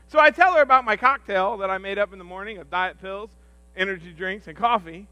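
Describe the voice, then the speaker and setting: A man on a church's staff giving a humorous sermon, telling self-deprecating stories in an animated, jokey way. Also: high-pitched, a little fast, dry recording. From rural upbringing.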